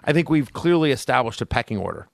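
A man co-hosting a fantasy football show in a relaxed, chatty way, often restarting his sentences. His voice sits in an ordinary middle register. The sound is close and dry, with no room in it. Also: mid-range voice, fast talker, creaky, no room sound. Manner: conversational, hedging with fillers. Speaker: podcast co-host. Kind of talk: fantasy football podcast chat.

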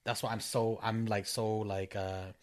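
A man's voice: fairly low pitch, little pitch movement, unhurried. Rambling, joking young man. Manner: rambling, joking, casual swearing. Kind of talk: casual chat.

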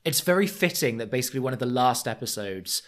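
A man co-hosting a podcast in casual chat, animated, breaking into quick quoted impressions. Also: medium pitch. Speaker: podcast co-host.

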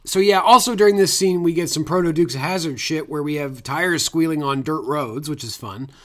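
A man with a somewhat high voice chats casually on a film podcast. He recaps scenes in a loose, rambling way, full of fillers and the occasional swear word. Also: fairly quick, sharp tone. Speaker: podcast co-host.

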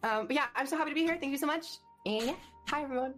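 A woman's voice: sits high, rapid-fire, fairly bright tone, faint music behind. A woman guest on a casual podcast chat, hyper and self-mocking in a jokey way.

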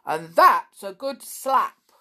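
A woman voicing a blunt, gruff village man who speaks loudly. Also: mid-range voice, big pitch swings, slow pace, pitched above the performer's own voice, full character voice. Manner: blunt, loud.

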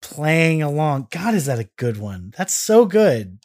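A man co-hosting a casual podcast, excitable and self-mocking, often tripping over his words. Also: fairly high pitch, unhurried. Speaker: podcast co-host.

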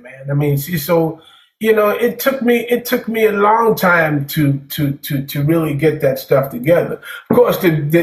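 A man who plays jazz drums, telling stories in a casual interview, rambling and peppering his talk with "man". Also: on the high side. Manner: rambling, repeats words, says "man" often. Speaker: jazz drummer guest. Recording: echoey room.

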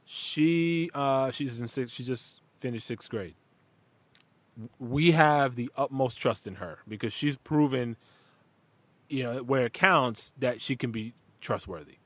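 A man's voice: medium pitch, a little slow, no echo. A man who is a father, telling stories in a rambling, profane, casual chat. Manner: rambling, profane, animated storytelling. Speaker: podcast host and father.

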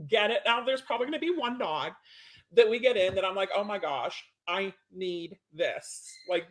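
A woman dog trainer chats from her home for a podcast-style webinar. She talks loosely and keeps checking in with her listeners. On discipline she turns firm and matter-of-fact, with an ordinary pitch for her sex. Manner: chatty, keeps checking in with "right?". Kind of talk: casual webinar podcast talk.

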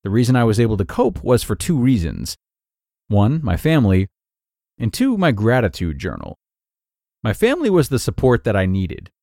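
A man hosting a podcast who reads a blog post aloud in an earnest, measured way, then comments on it. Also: on the low side, huge pitch swings, mellow, no room sound, studio quality. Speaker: podcast host.

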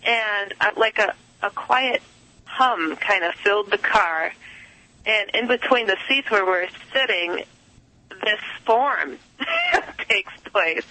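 A woman's voice: mid-range voice, very animated, takes it slowly, bright, forceful tone, low-quality recording. A woman guest telling a story in a casual interview, rambling with many fillers and quoted asides.

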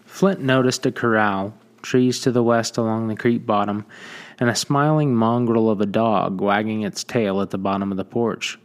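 A man reading a western short story aloud in measured audiobook narration. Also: fairly low pitch, steady tone.

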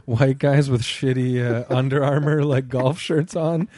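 A man's voice: medium pitch, steady tone, measured pace, mellow, dry recording, clean studio sound. A man hosting a casual conversation, playful and joking, laughing often. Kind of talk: casual chat.

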